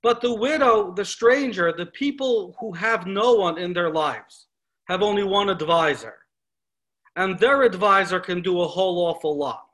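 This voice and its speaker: Guy with a high-ish voice giving a torah class, lively storyteller, lots of questions. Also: moderate pace. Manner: animated storytelling with rhetorical questions. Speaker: Torah teacher. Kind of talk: lecture on scripture.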